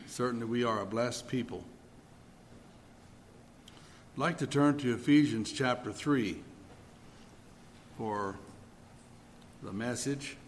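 A man preaching a sermon in a church, speaking deliberately with pauses and occasional fillers. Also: mid-range voice, lively intonation, a little hiss or hum. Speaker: pastor.

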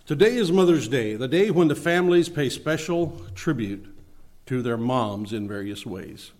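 A male pastor preaching a sermon in an earnest, measured way. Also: medium pitch, expressive, a little mellow.

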